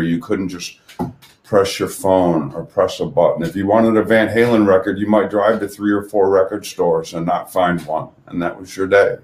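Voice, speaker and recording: A man's voice: deep voice, a little mellow, echoey room. A middle-aged man telling loose, profane stories from his past in casual chat as a guest musician.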